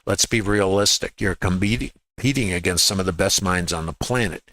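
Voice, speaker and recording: A man coaches viewers through a live chart in a bright, forceful voice. He hammers key words through repetition and keeps asking his audience rhetorical questions. The sound is close and dry, with no room in it. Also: deep voice, brisk, no echo, low-quality recording. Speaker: trading educator. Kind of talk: live trading chart walkthrough.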